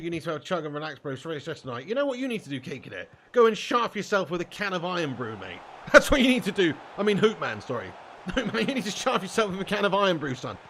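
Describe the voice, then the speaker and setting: A young man with a high, bright-sitting voice rants in mock anger at his stream chat, swearing freely between game moments. Faint background hiss sits under the talk. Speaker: gaming live streamer. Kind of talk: live stream chat banter while gaming.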